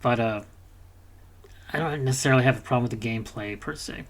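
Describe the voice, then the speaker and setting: A man talking loosely on a gaming podcast, his voice sitting in an ordinary middle pitch. He rambles, swears freely, and slips into brief mocking impressions of characters. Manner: rambling, profane, mimics characters in quick asides. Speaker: podcast co-host. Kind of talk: casual gaming podcast chat.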